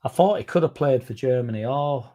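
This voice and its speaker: A man's voice: medium pitch, lively intonation, fairly quick, dark tone. A man hosting a football fan channel, chatting casually in a rambling, sweary, self-mocking way.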